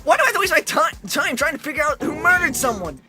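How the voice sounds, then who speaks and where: A man voicing a brash, defiant teenage girl who shouts and snaps, with light game music behind. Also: very high-pitched, very animated, quick pace, heavily acted. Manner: loud, bratty and shouting.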